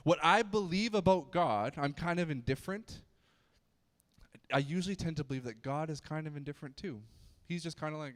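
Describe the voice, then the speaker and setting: A man's voice: fairly high pitch, brisk. A man giving a casual youth sermon, chatty and joking, with frequent restarts and stammers. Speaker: youth pastor. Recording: long hall reverb.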